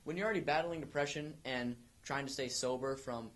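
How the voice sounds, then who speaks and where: A man's voice: medium pitch, brisk, a bit bright. Young man rambling on a podcast. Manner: rambling, full of restarts and fillers. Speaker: podcast co-host. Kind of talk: casual chat.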